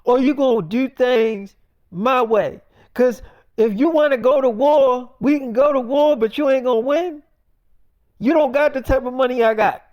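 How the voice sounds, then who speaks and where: Man putting on a vain bossy woman, high voice, dry close sound, swaggering and profane, comic improvised monologue. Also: normal speed, no echo, muffled recording. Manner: swaggering, profane, talks down to the listener. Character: brash bossy celebrity woman, vain and threatening.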